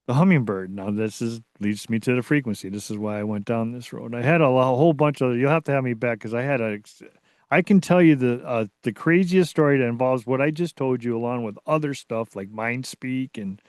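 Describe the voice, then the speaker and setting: A man being interviewed as a researcher, telling a story in a casual, excitable way that rambles and restarts. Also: mid-range voice, brisk, no echo, studio quality. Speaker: guest, Bigfoot researcher.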